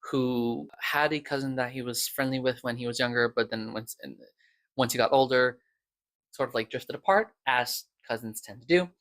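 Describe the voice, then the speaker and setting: A man's voice: medium pitch, pushed and bright. A man casually retelling plot points in a loose, rambling way, slipping into quoted lines as he goes. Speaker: video creator reviewing podcast episodes.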